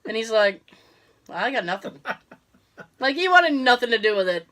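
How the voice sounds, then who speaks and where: Co-hosting a casual podcast while sick with a cough, a woman with a slightly high voice tells a story at normal speed. She acts out quoted voices and laughs often, keeping the chat animated.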